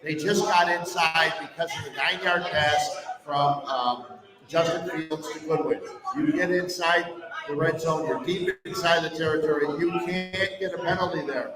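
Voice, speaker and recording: A man with a slightly high voice hosts a live sports talk podcast, laying out blunt, emphatic opinions. He sits some distance from the mic in a long-reverb hall. A crowd murmurs steadily behind him. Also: fairly even intonation, normal speed. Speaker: sports radio host. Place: brewery release party, indoors. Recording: echoey hall, mic far off, crowd chatter.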